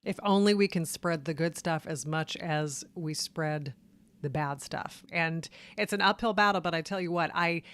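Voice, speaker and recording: A woman's voice: sits low, normal speed, a bit bright, no echo. A woman hosting a talk show, speaking in an earnest, conversational way. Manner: earnest, conversational, laughs along. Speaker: show host. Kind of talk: casual interview chat.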